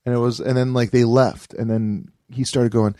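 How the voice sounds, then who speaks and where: A man's voice: mid-range voice, little pitch movement, moderate pace, mellow, dry recording. Rambling man, dry close mic. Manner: rambling, many fillers, acts out quoted voices. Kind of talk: casual storytelling chat.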